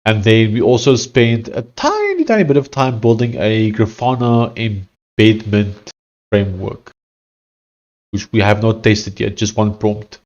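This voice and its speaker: A young man live-streaming his coding work, thinking aloud and reading out chat in a loose, halting way with many fillers. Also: on the low side, expressive, darkish tone, dull audio. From South Africa. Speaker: live-streaming software developer.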